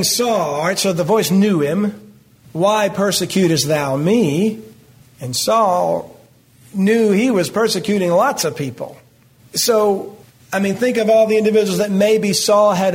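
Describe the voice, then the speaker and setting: Talking straight to his congregation, this middle-aged pastor works through a Bible passage one verse at a time. His voice is high, and his manner is homespun and conversational.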